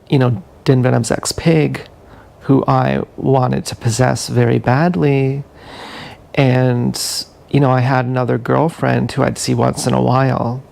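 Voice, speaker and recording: Rambling man with a gravelly voice. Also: mid-range voice, a little mellow. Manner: rambling and confessional, with many restarts. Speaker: vlogger. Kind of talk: casual monologue. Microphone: action camera.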